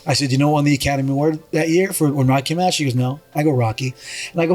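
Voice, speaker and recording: A man's voice: fairly high pitch, steady tone, very fast, darkish tone, faint music behind. Man telling a rambling story. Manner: rambling, restarts, acts out quoted voices. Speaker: podcast guest. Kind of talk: casual storytelling.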